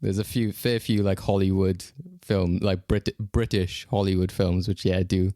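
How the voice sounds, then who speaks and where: A man's voice: low voice, little pitch movement, normal speed, mellow, no echo. Chatty male podcast host with a dry mic. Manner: chatty, hesitant with fillers and restarts. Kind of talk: casual podcast chat.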